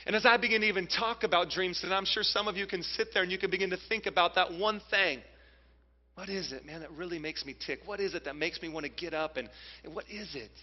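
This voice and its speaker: A man in his thirties delivers a sermon in a high voice, telling a personal story with plenty of energy. He turns to his listeners often with direct questions. The recording sounds dull and muffled, with a long reverb from a large hall. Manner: animated storyteller, addresses the audience directly. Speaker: preacher.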